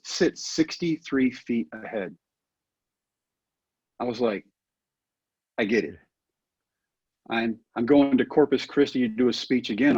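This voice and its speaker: A man's voice: mid-range voice, slightly rough, dry recording, highs cut off. A middle-aged man telling stories earnestly in a folksy, conversational way as an interview guest. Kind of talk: storytelling interview answer.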